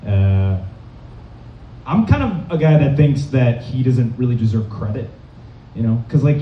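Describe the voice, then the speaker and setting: A man's voice: mid-range voice, slight background noise. Rambling young man doing stand-up. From Massachusetts. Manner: rambling, filler-heavy deadpan delivery. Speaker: stand-up comedian. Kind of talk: stand-up set. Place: comedy club stage. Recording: dull, roomy, distant club recording.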